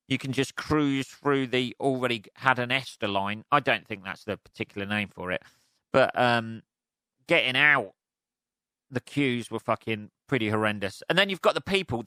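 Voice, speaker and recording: A man's voice: mid-range voice, sharp tone, no echo. An English man hosting his own podcast, ranting alone in a loose, sweary, rambling way and mocking other people's voices. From England. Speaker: podcast host. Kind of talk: solo comedic rant.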